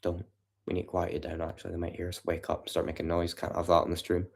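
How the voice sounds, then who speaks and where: A man's voice: low-pitched, completely flat delivery, fast, gravelly, slightly rough. A man chatting casually and profanely with his livestream audience from home at night. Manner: profane, rambling banter with chat.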